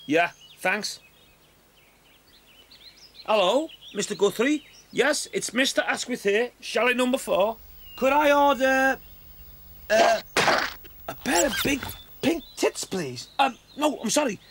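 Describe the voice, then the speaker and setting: A woman's voice: on the high side, animated, takes it slowly, pauses often, noisy background. A woman playing a flustered husband. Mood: awkward. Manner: flustered, stammering excuses. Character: nervous cheating husband on honeymoon.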